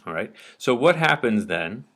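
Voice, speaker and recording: A man's voice: mid-range voice, big pitch swings, moderate pace, fairly bright tone. A man teaching a lecture-style lesson, explaining patiently step by step and often checking that listeners follow.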